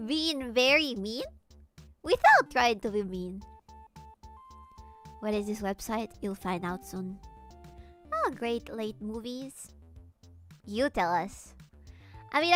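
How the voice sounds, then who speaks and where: A woman's voice: a little high, slow, pauses often, a bit bright, soft background music. A woman from Latin America chatting casually while streaming a game, rambling and swearing freely as she goes. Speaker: VTuber streamer.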